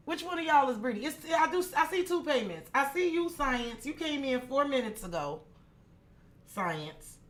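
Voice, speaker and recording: A woman's voice: a little high, a bit bright. A woman giving a live-stream tarot reading, chatty and frank, swearing freely and talking straight to viewers by name. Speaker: tarot reader.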